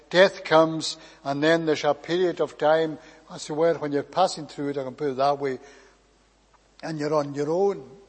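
Guy preaching a sermon, slow emphatic phrasing, endings trail off soft, long echo from the hall. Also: on the high side, slightly rough.

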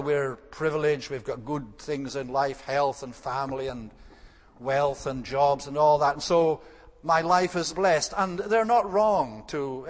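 Male preacher, slightly high voice, measured and explanatory with halting pauses, recorded in an echoing church. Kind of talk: sermon.

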